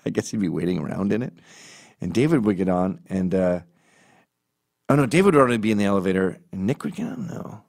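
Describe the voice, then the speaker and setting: A middle-aged man telling comic stories in a rambling, self-correcting way, squeaking up for quoted voices. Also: lively intonation, fast talker, gravelly, pauses often, darkish tone. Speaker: comedian. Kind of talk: casual storytelling monologue.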